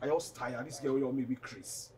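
An actor with a Nigerian Pidgin accent playing an evasive young boyfriend who keeps trying to calm his girlfriend. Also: mid-range voice, crowd noise, natural voice. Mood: weary. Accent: Nigerian Pidgin English. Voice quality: placating, quick-talking. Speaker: boyfriend Ekene. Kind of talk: Nollywood film acting.

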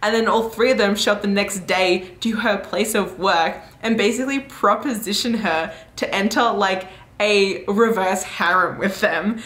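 Young female book vlogger, casual and chatty, mid-pitched, recorded in an echoey room. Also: moderate pace. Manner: chatty and animated, many fillers, laughs often. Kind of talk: casual book review vlog.

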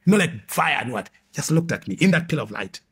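A man's voice: on the high side, sing-song, a little fast, breathy edge. A man from Africa telling his life story as an interview guest, emphatic and repeating his key phrases. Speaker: guest sharing a testimony. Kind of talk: conversational testimony storytelling.

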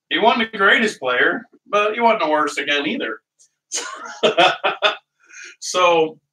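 A middle-aged cooking-show host speaks from his home kitchen in a slightly high, bright and forceful voice. He keeps things casual while he cooks, telling rambling stories and laughing a lot, and the recording picks him up from afar.

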